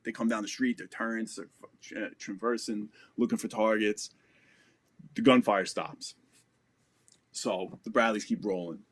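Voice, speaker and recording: A man's voice: on the low side, fairly even intonation, a little slow, pauses often, fairly bright tone, breathy edge. An American man in his forties, a podcast guest telling a war story in a casual, profane and vivid way. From United States. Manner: profane, vivid, re-enacts dialogue.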